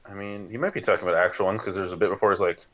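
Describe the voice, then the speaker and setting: A man with a fairly low voice chats about a novel and tosses in wry jokes. His mic sounds dull and muffled, like a lo-fi home setup. He keeps the tone easygoing throughout. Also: fairly even intonation, rapid-fire. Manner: wry, joking asides. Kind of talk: casual book discussion.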